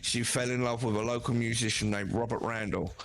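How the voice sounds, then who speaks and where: A man hosting a podcast, reading a horror story off his prompts with frequent "uh" pauses. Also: mid-range voice, steady tone. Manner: halting, many "uh" fillers.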